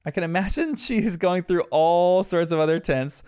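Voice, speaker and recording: Young man, casual episode recap, chatty fillers, smooth voice, dry close sound. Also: sits high, normal speed, a little mellow, dry recording. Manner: reflective and chatty, with many fillers. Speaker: episode reviewer.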